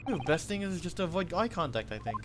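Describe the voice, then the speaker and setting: A man streaming a game live, reading dialogue aloud and adding soft, wry, hesitant asides. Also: a little high, big pitch swings, fast, loud music behind the voice.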